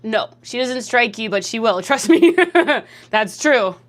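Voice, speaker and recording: A woman's voice: fairly high pitch, expressive, takes it slowly. Sarcastic young Canadian woman streamer. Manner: sarcastic, teasing, swears freely. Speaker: livestreamer reading chat. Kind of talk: casual livestream chat.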